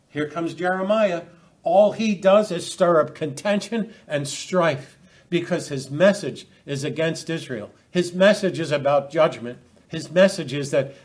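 Male preacher, higher than average pitch, halting delivery with frequent restarts, scripture-heavy sermon. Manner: halting, repeats words, quotes scripture with rising emphasis.

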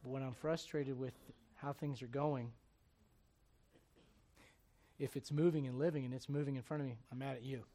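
A man preaching a sermon as pastor, speaking emphatically with loud bursts and direct questions to the congregation. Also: mid-range voice, steady tone, normal speed, pauses often.

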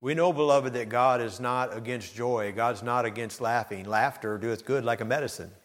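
Male preacher, mid-pitched, impassioned pulpit delivery, long hall echo. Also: normal speed. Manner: preaching with surging intensity, rising to near-shouted emphasis. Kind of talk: sermon.

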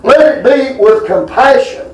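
A man's voice: extremely high pitch, expressive, measured pace, far from the mic. A middle-aged man preaching a folksy sermon to a responsive congregation. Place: church sanctuary. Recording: echoey church room.

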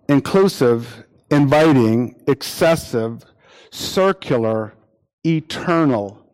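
A man preaching a sermon, repeating phrases for emphasis and acting out imagined quotes in lively voices. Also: medium pitch.

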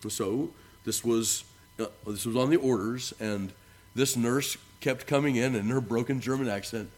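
Earnest preacher, rising then falling soft. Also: male voice, mid-range voice, normal speed. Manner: earnest preaching, rising for emphasis and dropping soft at phrase ends; reads scripture in a rising, declaiming voice. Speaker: pastor. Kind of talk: sermon.

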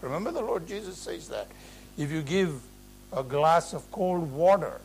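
A man preaching an earnest, emphatic expository sermon in a measured way. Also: a little high, animated, gravelly, a little hiss or hum, rough recording.

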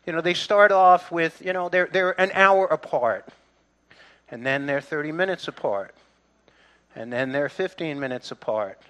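A man's voice: on the high side, normal speed, fairly bright tone. A middle-aged man preaching a sermon in a church, conversational, with restarts and asides to the congregation. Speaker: pastor.

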